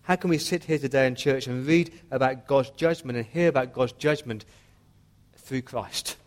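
A man's voice: medium pitch, normal speed. A man preaching a sermon as pastor, earnest and pleading with his listeners.

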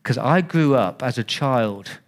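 With lively intonation and a slightly slow pace, a pastor preaches conversationally. He repeats words and dramatizes listener reactions through big pitch shifts.

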